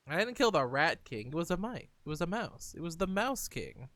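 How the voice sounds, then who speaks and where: A man's voice: fairly high pitch, sing-song, moderate pace, hardly any pauses, fairly bright tone, no echo. A male streamer reading a text adventure aloud in a theatrical way, with playful asides between passages. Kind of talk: reading a text game aloud while playing.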